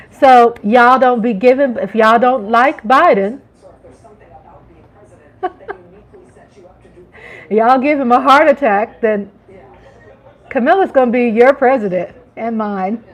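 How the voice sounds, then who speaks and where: A woman's voice: fairly high pitch, highs cut off. A middle-aged woman from the United States hosting a live chat stream, talking casually, laughing often and greeting viewers by name. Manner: chatty, laughing, reading out chat names.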